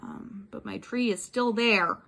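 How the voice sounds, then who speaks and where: Young woman with a gravelly voice. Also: medium pitch, unhurried, a little hiss or hum. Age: young adult. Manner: rambling, soft-spoken, frequent ums and little laughs. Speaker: former classmate giving a life update. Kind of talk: casual video message.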